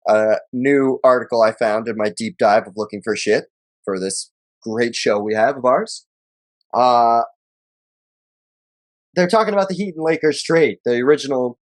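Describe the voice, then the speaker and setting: A man with a mid-range voice co-hosts a sports podcast in a dry recording. He jokes and swears casually and reads news articles aloud.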